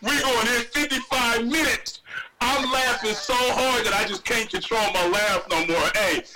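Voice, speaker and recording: A man's voice: very high voice, moderate pace, over a noisy crowd, rough recording. A man calling in and telling a story with lots of energy, acting out the other voices and laughing often. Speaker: caller. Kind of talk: animated storytelling.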